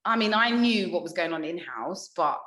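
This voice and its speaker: A woman's voice: on the low side, lively intonation, normal speed, a bit bright. A woman, a radio DJ, chatting casually as a podcast guest, swearing freely and acting out what she and others said. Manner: swears freely, acts out her own past quotes in storytelling. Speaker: radio DJ and breakfast show host, podcast guest. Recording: echoey room.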